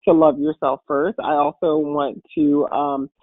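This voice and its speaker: A woman with a deep voice, congested and a bit hoarse from a cold, giving an upbeat, encouraging webinar talk as a guest speaker. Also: level tone, unhurried, dry recording. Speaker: guest speaker and patient advocate. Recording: phone-like online call audio.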